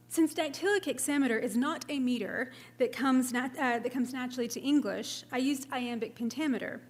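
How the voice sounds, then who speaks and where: A woman giving an academic lecture as a translator, partly reading from her text, measured and careful, sometimes tapping out poetic meter aloud. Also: a little high.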